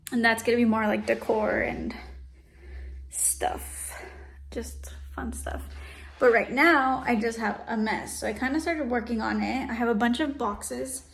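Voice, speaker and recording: A young pregnant woman chatting casually in a home vlog, talking with lots of fillers and a little out of breath. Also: on the high side. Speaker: vlogger. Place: home rooms, indoors.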